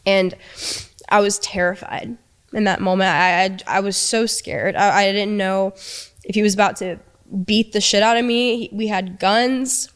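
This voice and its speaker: A young woman recounting a frightening relationship in a halting way, with many restarts and quoted lines. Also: mid-range voice, steady tone, smooth. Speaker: interviewee recounting abuse. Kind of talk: emotional storytelling.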